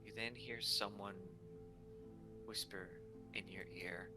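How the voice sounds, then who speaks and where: A man's voice: fairly low pitch, steady tone, slow, loud music behind the voice. A man narrating as dungeon master in a casual tabletop game, talking loosely with many fillers.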